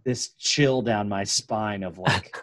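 A young man co-hosting a podcast, chatting excitedly and playfully with lots of fillers. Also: fairly low pitch, slow pace, no echo. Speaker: podcast co-host. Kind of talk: casual sports chat.

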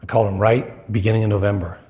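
A man's voice: lowish voice, flat delivery, fast talker, warm tone. A middle-aged man preaching a storytelling sermon in a conversational way, acting out the voices in his story.

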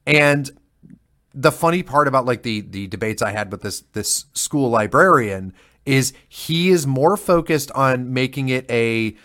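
A man co-hosts a political chat show in a mid-range voice of ordinary pitch. He talks fast and heatedly, piling up "like"s as he retells a running argument. His tone keeps rising into indignant emphasis. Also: lively intonation, a bit bright. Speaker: podcast co-host.

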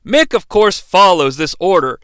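Jokey male podcast host, very animated delivery, clean dry sound. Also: sits high, normal speed, clear, resonant tone, no echo. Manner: sarcastic, jokey. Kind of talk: comedic wrestling match recap.

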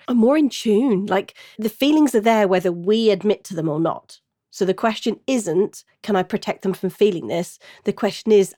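A woman co-hosting a podcast interview, speaking in a thoughtful, measured way about parenting. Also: lowish voice, dark tone, no echo, studio quality. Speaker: podcast co-host. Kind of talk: reflective interview talk.

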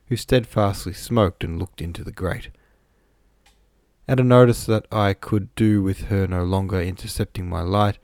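An audiobook narrator reads a classic novel in scripted narration, his fairly low voice steady and measured as he tells the story. The sound is dry and clean, recorded in a studio.

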